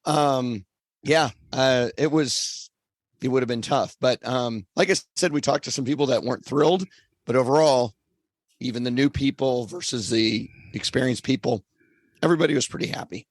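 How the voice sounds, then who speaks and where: A man co-hosts a casual podcast chat, and his voice is still hoarse. He speaks in a relaxed, thoughtful way, pausing on fillers as he works out what to say. The sound is close and dry. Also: medium pitch, dry recording. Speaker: podcast co-host.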